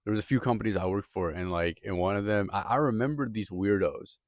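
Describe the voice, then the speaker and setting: A man's voice: lowish voice, fast talker, no echo, clean studio sound. A young man rambling through a profane, casual monologue, full of filler words and restarts. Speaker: podcaster.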